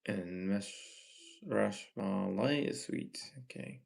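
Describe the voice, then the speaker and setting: A man with a Malaysian English accent, reading chat messages aloud on his livestream and answering them in a gently lecturing way. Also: fairly low pitch, slow, creaky. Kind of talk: casual live chat Q&A.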